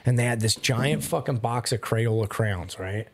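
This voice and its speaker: A man's voice: medium pitch, moderate pace. A young man from South Philadelphia with a Philly accent, telling rambling, profane stories in a casual chat. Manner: profane, rambling storyteller, says "dude" and "like" constantly.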